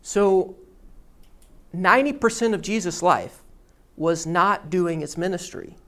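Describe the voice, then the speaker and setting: Here a pastor tells a story as part of a sermon, teaching with a deliberate storytelling manner. The voice sits in the mid-range.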